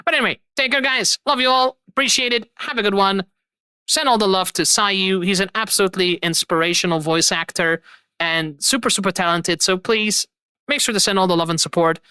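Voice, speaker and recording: Effusive streamer woman, bright voice. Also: mid-range voice, a little fast, clean tone, no echo. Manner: effusive, rambling, repeats herself. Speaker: streamer and host. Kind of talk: casual stream sign-off.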